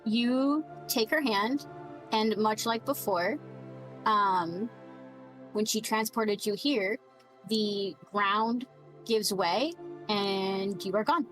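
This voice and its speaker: A woman's voice: medium pitch, slow, fairly bright tone, faint music behind, low-quality recording. A young woman narrating a tabletop game as game master, chatty and giggly, with lots of fillers.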